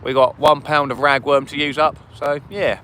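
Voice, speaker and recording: A man's voice: fairly high pitch, flat delivery, moderate pace, noisy background. A man, hosting a fishing livestream and chatting casually with viewers, eager and thankful. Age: 20s. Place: outdoors by a river at night.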